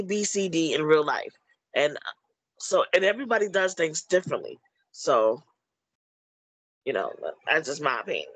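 Man, filmmaker on a podcast. Husky, fairly high voice, rambling delivery. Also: very animated, fairly quick, a bit bright, rough recording. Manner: rambling, full of "you know" and restarts. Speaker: filmmaker discussing his movie. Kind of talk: casual chat.

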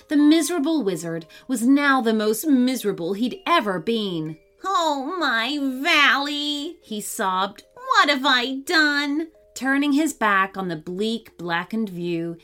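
A woman narrating a children's story in an expressive, animated way. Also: mid-range voice.

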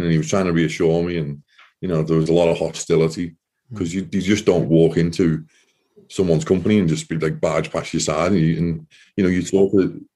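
A man's voice: low-pitched, mellow. A man telling a personal story as an interview guest, rambling with frequent "you know" fillers. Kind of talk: casual storytelling.

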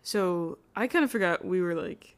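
Female co-host, lower pitch, loose giggly storytelling with lots of filler. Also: expressive, normal speed, clean tone. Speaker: podcast co-host. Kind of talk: casual chat.

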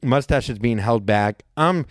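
In clean, studio-quality sound with no room echo, a man in his forties co-hosting a podcast spins a story in relaxed conversation. His voice is medium-pitched and unhurried, and he animatedly raises it to mimic other people's quotes.

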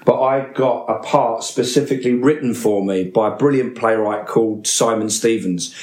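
Forties actor, anecdotal podcast guest, roomy sound. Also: male voice, mid-range voice, moderate pace. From England. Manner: animated storyteller, name-dropping with laughter.

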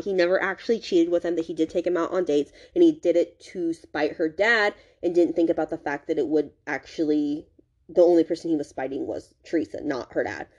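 A woman's voice: fairly low pitch, brisk, darkish tone, lo-fi sound. A woman hosting a podcast, recapping a novel's plot in a rambling, casual way, with constant "like" and "um" fillers and frequent restarts. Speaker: podcast host.

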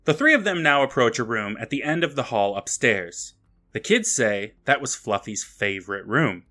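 Bright-voiced man recapping a plot. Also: mid-range voice, lively intonation, moderate pace. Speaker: podcast host recapping an episode. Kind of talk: casual chat and plot recap.

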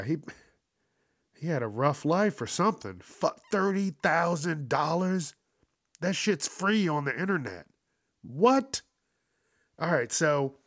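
A man's voice: a little high, no echo, clean studio sound. A man giving casual, profane commentary on an odd news story, incredulous and laughing often.

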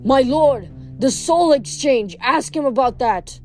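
A woman's voice: high-pitched, lively intonation, slow pace, darkish tone, faint music behind. A woman voicing a contemptuous male ghost who hisses commands in a read-aloud story. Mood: hissing. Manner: hissing, contemptuous.

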